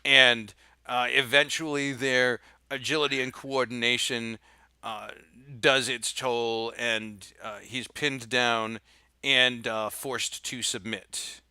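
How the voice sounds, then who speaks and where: Young guy gm telling the scene slowly, bright clear voice, dry sound. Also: medium pitch, steady tone, no echo. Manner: descriptive storytelling with fillers. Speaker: game master. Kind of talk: narrating a tabletop game.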